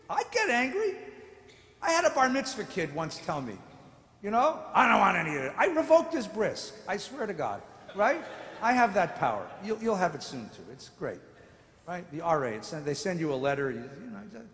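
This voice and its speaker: A man with a high, very lively voice gives a rabbi's lecture, theatrical and playful, acting out voices and joking with the crowd. His voice rings through a large sanctuary with a long, roomy reverb. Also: moderate pace. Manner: theatrical, acts out voices, jokes with audience. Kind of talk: lively sermon-style lecture. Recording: echoey hall with long reverb.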